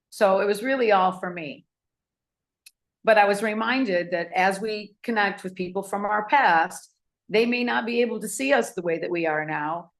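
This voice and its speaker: A woman telling a personal anecdote to an audience, animated and acting out the people in it. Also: medium pitch, a little slow. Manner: animated, acts out voices in anecdotes. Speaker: speaker. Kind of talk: storytelling talk to an audience.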